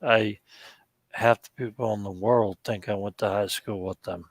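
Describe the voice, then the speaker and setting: A man's voice: lowish voice, steady tone, moderate pace, no echo. A man hosting a casual online hangout, easygoing and prone to repeating himself. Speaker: hangout host. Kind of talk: casual chat. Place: home, online call.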